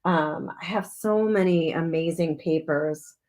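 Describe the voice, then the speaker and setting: Hosting a live crafting stream, this cheerful mixed media artist talks through her project in an unhurried, homey way. She reads out viewer comments, thanks them by name, and laughs easily, her voice sitting slightly low for a woman.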